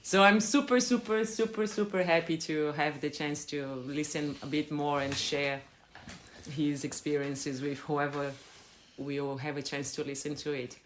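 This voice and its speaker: A woman from Brazil hosts a podcast interview, her voice nasal from a cold. She speaks with eager enthusiasm and repeats words for emphasis. Her pitch is lowish, and faint noise sits in the background. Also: fairly even intonation, a little slow. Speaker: podcast host. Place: guest's home on an island.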